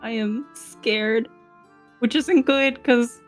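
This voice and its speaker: A woman's voice: high-pitched, very animated, unhurried, soft background music. A woman playing a tabletop game, speaking hesitantly and nervously. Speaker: player. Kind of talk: casual tabletop game chat.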